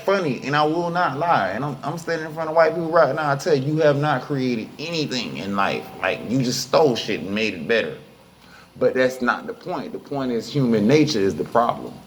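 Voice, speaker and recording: A man giving a heated, profane, unscripted speech, repeating himself and jumping high in pitch when angry. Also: animated, moderate pace, slight background noise.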